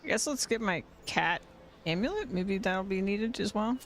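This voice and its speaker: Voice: mid-range voice, lively intonation, moderate pace, slight background noise. A game streamer talking casually to themself while playing live, muttering plans aloud. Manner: chatty, muttering to self. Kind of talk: casual live gameplay talk.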